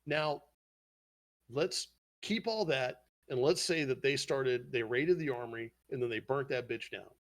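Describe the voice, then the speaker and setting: A man's voice: medium pitch, a little slow. A man hosting a podcast, casually swearing as he eagerly retells an anime plot. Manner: profane, animated storytelling retelling scenes. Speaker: podcast host.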